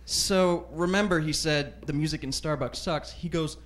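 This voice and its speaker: On a comedy club stage, a man holds a mic and tells stories in a deadpan, self-deprecating stand-up routine. He speaks at a normal pace in a fairly high voice, with noise in the background.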